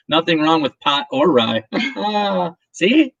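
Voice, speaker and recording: A man's voice: on the high side, animated, extremely slow, creaky, fairly bright tone, no echo, lo-fi sound. A man hosting a whiskey channel's live stream, chatting casually and emotionally with viewers and his partner. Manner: rambling, emotional, laughs often, many restarts.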